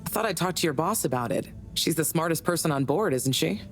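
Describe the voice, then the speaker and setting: A woman's voice: low voice, animated, fast, soft background music. An actress playing a chatty, indiscreet middle-aged woman scientist in a game. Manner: chatty, gossipy.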